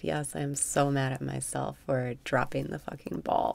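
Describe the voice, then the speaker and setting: Woman meditation guide: low gravelly voice, unhurried, breathy cues with candid profane asides. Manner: slow, breathy guidance mixing calm cues with frank, profane venting. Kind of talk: guided meditation with spoken affirmations.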